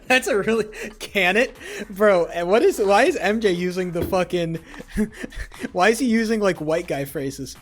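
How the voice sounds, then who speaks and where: A young man live-streaming, loudly trash-talking and swearing as he banters with his chat. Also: high-pitched, lively intonation, unhurried. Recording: faint music behind the voice.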